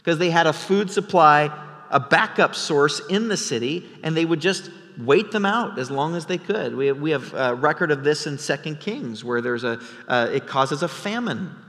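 A male pastor preaches an expository sermon, telling the story vividly and conversationally with frequent restarts. His voice sits somewhat high, and the long reverb of a large sanctuary trails behind him. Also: animated, moderate pace, a bit bright.

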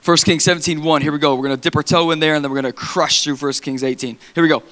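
High, bright-voiced male preacher. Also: racing. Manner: energetic, playful asides between dramatic readings. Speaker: pastor. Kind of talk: sermon scripture reading. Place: large church hall. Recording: reverberant church hall.

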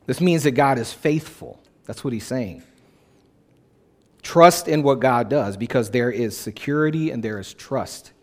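Emphatic male pastor preaching a sermon. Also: medium pitch. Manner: emphatic, repeats key phrases for effect; conversational, plain-spoken preaching.

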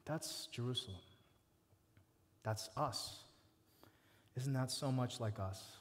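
Man, pastor, emphatic sermon, soft lamenting asides, long hall reverb. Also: mid-range voice, slow pace, pauses often. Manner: emphatic preaching, lists words with rising force, drops soft for quoted laments.

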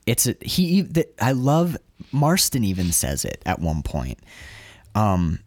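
Low-voiced man gushing about a film. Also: takes it slowly, dry recording, clean studio sound. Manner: animated, emotional, swears freely, many restarts. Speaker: podcast co-host reviewing a film. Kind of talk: casual chat.

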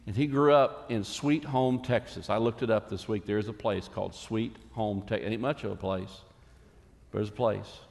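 A man preaching a sermon as a pastor, earnest and emphatic, with dramatic pauses. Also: lowish voice, steady tone, creaky, darkish tone, big-room sound.

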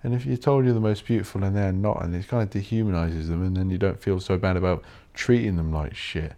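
Guy, deep voice, swearing, rambling solo podcast host. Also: fast talker, warm tone. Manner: swears a lot, rants and mocks posh voices.

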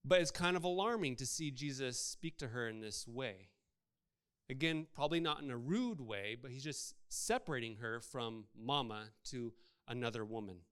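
A man's voice: medium pitch, lively intonation, normal speed, a bit bright, smooth. A man preaching a sermon, conversational, asking his congregation rhetorical questions. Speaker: pastor.

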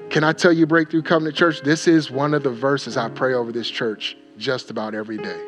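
A man's voice: mid-range voice, steady tone, fairly quick, hardly any pauses, a bit bright, soft background music. A male pastor preaching a sermon, emphatic and repeating his phrases for effect. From Wisconsin.

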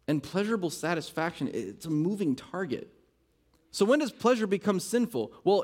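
A male pastor preaching a sermon, earnest and driving home his points with repeated rhetorical questions. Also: fairly high pitch.

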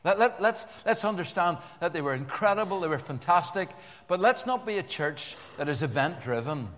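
Older male pastor, slightly high voice, lively sermon delivery with restarts and asides, long church reverb. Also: normal speed, slight background noise. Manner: animated, repeats words, jokes with the congregation.

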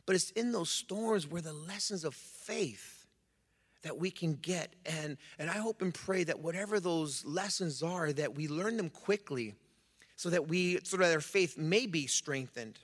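A man's voice: fairly high pitch, expressive, a little slow. A man preaching as a church pastor. He reads scripture and then talks casually to the congregation, with many restarts. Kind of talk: sermon with scripture reading. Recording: long reverb of a hall.

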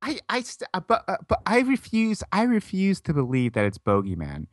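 A man's voice: high-pitched, sing-song, moderate pace, dry recording, studio quality. A man co-hosting a podcast in casual banter, stubborn and teasing, laughing often. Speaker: podcast co-host.

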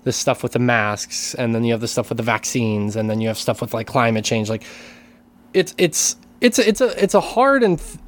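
A man's voice: medium pitch, animated, moderate pace. Hesitant male podcast co-host. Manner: hesitant, many restarts, careful hedging. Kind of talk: casual podcast chat.

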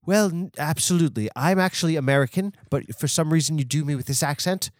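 A man's voice: fairly high pitch, dry recording, clean studio sound, pitched above the performer's own voice, lightly acted. A man voicing a fussy, indignant nineteenth-century male naturalist with a put-on British accent.

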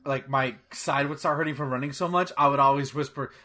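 A man co-hosting a casual movie watch-along, excitable and swearing freely, often laughing. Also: mid-range voice, a little fast. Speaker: movie commentary co-host. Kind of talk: casual chat.

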